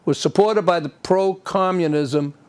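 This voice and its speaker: A man hosting his own television show, talking straight to the viewer in a high, pointed voice. He builds an opinionated monologue and keeps firing off indignant rhetorical questions. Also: unhurried, a little mellow, smooth. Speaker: TV show host. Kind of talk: political commentary monologue.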